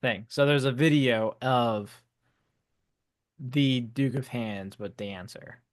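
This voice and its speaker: Enthusiastic swearing man, mid pitch. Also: takes it slowly. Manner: enthusiastic, profane. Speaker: podcast co-host. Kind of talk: casual book discussion chat.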